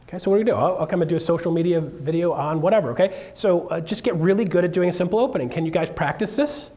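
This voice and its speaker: A man coaching real estate agents in a live seminar, animated and joking, often checking in with the room with quick questions. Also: fairly high pitch.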